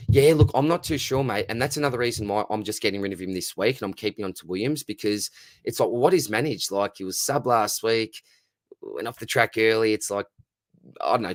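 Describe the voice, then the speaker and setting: A man's voice: on the low side, dry recording, clean studio sound. A man with an Australian accent hosting a casual live stream Q&A, reading out chat questions and answering them in a friendly, matey way.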